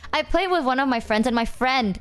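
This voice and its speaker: Fairly quick and animated, this young adult VTuber's high voice comes through clear with a resonant tone. She tells meandering gaming stories peppered with slang and curse words.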